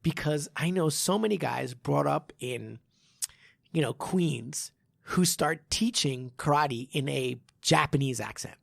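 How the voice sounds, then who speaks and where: A man hosting a podcast and telling animated stories as a martial arts instructor in casual chat. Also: a little high, measured pace, vocal fry, no room sound, studio quality. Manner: animated storytelling with frequent laughs.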